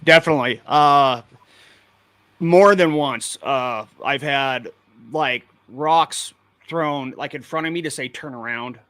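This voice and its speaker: Man from washington state, bright forceful tone, dry close sound, plain-spoken, matter-of-fact, video call guest. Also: fairly high pitch, slow pace, smooth, no echo. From Washington State, USA. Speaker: guest, paranormal investigator. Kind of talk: casual interview talk.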